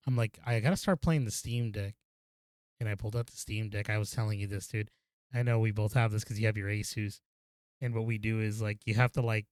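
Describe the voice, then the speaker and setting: Young male co-host, clean smooth tone, chill and easygoing chatter. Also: fairly low pitch, no echo, clean studio sound. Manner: laid-back, says "dude" a lot. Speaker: podcast co-host. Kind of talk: casual gaming podcast chat.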